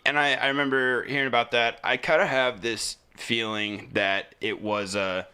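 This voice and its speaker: Bright-voiced man chatting on a podcast. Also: medium pitch, fairly even intonation, normal speed, clean tone. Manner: chatty, speculative, jumps in with opinions. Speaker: podcast co-host. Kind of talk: casual podcast chat.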